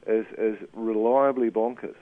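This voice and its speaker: A man's voice: fairly low pitch, fairly even intonation, measured pace, no echo. A man chatting casually on radio as a media commentator, hesitant with many fillers and restarts. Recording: tinny phone line.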